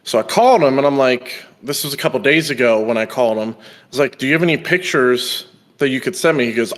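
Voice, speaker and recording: A young adult man hosting a podcast tells a story in casual chat, animatedly acting out the people he quotes. His voice is mid-range and he talks fast.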